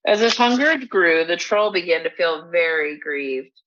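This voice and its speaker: Woman storyteller, dry mock-formal read, lowish bright voice, dull lo-fi recording. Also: animated, a little slow. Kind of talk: scripted storybook narration.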